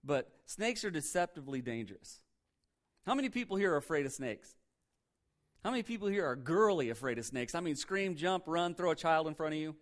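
A male pastor preaching a sermon, reading scripture and telling funny stories in an animated, repetitive way. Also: on the high side, a little fast. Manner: animated, jokey, tells stories, repeats for emphasis.

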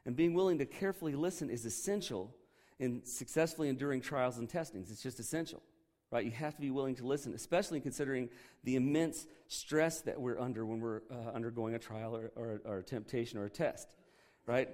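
A man's voice: mid-range voice, fairly quick, a little mellow. Casual joking male preacher. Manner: conversational and joking, with lots of "okay" and "right". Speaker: pastor teaching a Bible lesson. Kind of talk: sermon.

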